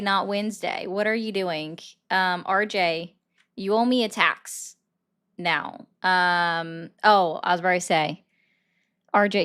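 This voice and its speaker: A woman's voice: lowish voice, a bit bright, clear, resonant tone. Brief: a female livestream host, casual and chatty, taking calls and greeting viewers by name. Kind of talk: casual live political commentary.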